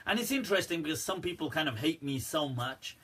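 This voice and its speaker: A man's voice: on the high side, expressive, brisk, bright, forceful tone, husky. A man talking casually on a livestream Q&A, joking, laughing often and speaking straight to his viewers. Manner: chatty and joking, laughs often, says "right" and "people". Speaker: Islamic scholar answering questions.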